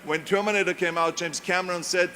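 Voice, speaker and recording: A man's voice: sits high, steady tone, quick pace, pushed and bright, a little hiss or hum. A man with a German accent giving a motivational speech, emphatic and repeating key phrases. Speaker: speaker.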